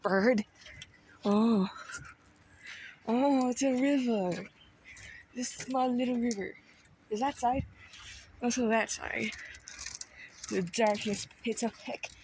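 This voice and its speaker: Slow-talking playful woman vlogging outdoors. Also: fairly high pitch, a little mellow, a little hiss or hum, low-quality recording. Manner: playful, chatty, exclaims at what she sees. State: slightly out of breath. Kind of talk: casual walking vlog. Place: outdoors on a nature trail. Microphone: handheld phone.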